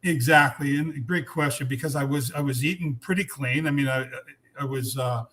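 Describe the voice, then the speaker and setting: An older man in his sixties tells his story as a podcast guest. His middle-pitched voice sounds frank and earnest. He speaks bluntly and restarts his sentences often. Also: normal speed, a bit bright. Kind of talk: candid personal storytelling.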